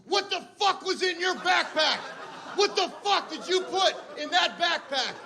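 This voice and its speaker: Shrill, furious wife screaming down the phone, put on by a male comic; live laughter behind. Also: normal speed, gravelly, crowd noise. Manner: yelling accusingly. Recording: live club with audience laughter.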